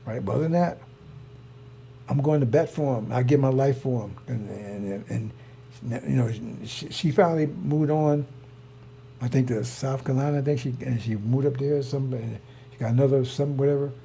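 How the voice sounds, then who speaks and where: A man's voice: medium pitch, a little fast, creaky, mellow, slight background noise. A man, telling a rambling personal story in a heated, emphatic, repetitive way. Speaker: online preacher.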